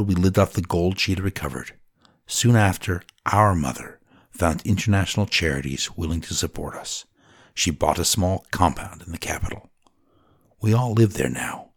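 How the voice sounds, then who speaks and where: Low husky guy reading a grim story, slow and solemn, goes whispery sometimes, dry close mic. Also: no room sound. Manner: solemn and deliberate, drops to a whisper. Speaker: narrator. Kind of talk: dramatic first-person story narration.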